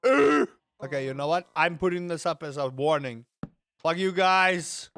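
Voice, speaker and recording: Excitable, foul-mouthed gaming man. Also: a little high, moderate pace, creaky, slight background noise. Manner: excitable, swears freely, rambling asides. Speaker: gaming streamer. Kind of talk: casual let's-play commentary.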